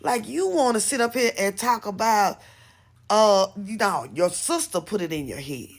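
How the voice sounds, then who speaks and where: A woman's voice: medium pitch, animated, moderate pace. A woman giving casual, blunt and opinionated commentary on a skit, rambling and restarting as she talks. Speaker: vlogger reacting to a skit.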